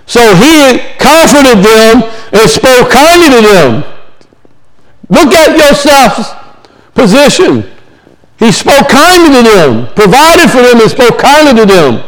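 A man's voice: very high-pitched, sing-song, slow pace, low-quality recording. A man preaching a sermon, reading scripture aloud and then expounding on it with emphatic repetition. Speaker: pastor.

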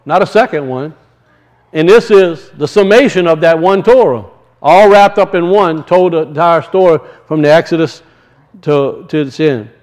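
A man's voice: high-pitched, darkish tone. A man teaching scripture in a conversational sermon style, rising into emphatic preaching. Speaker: Bible teacher.

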